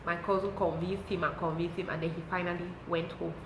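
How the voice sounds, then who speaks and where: A woman's voice: fairly low pitch, a little fast, reverberant, a little hiss or hum, rough recording. A young woman with a Cameroonian English accent, telling a personal story on her vlog and acting out what people said. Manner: animated storytelling, acts out quotes. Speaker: lifestyle vlogger.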